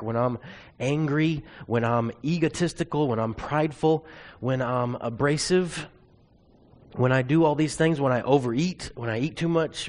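A man's voice: medium pitch, darkish tone. A man preaching a sermon, telling a personal testimony in an earnest, confessional storytelling way.

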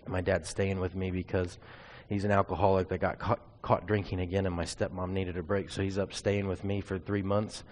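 A man's voice: low-pitched, level tone, brisk, darkish tone, a little hiss or hum. A man preaching a sermon, telling a personal testimony in an earnest, confessional storytelling way.

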